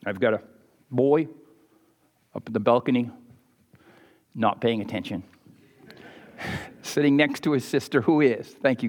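A man preaching a sermon as the pastor of his church, fervent and emphatic, shifting between loud stressed points and quiet asides. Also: medium pitch. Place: church sanctuary with balcony. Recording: long church reverb.

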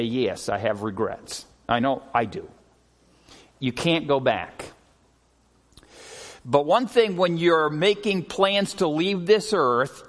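Middle-aged male pastor, high voice, earnest sermon, slows down for emphasis, long church reverb. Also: fairly bright tone. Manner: earnest storytelling preacher, often slowing and dropping his voice for emphasis. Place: church sanctuary.

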